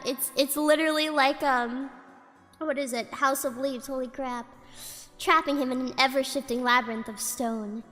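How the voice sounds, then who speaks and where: A woman's voice: sits high, a bit bright, in a large hall. A woman streamer reading a spooky story aloud in a casual way, giggling often and breaking off to chat.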